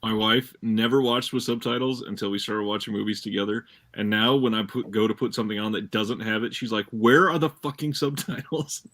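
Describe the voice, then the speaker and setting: A married man co-hosting a casual film podcast, telling relaxed stories about home. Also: on the low side, brisk, hardly any pauses. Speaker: podcast co-host. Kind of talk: casual chat.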